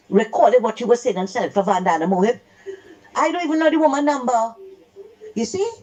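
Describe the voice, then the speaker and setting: A woman's voice: medium pitch, darkish tone, poor audio. Indignant woman caller. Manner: indignant, emphatic, repeats points. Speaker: radio caller. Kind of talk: call-in radio talk.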